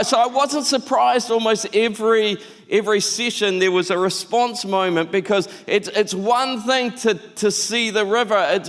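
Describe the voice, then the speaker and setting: A man preaching a sermon as pastor, telling stories in an animated, conversational way. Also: sits high. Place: church auditorium. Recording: church hall reverb.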